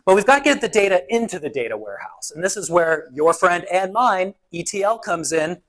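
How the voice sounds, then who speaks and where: A man's voice: high-pitched, sing-song, brisk, a bit bright, low-quality recording. A man giving a casual, jokey conference presentation who talks conversationally and acts out what other people say. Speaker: conference speaker.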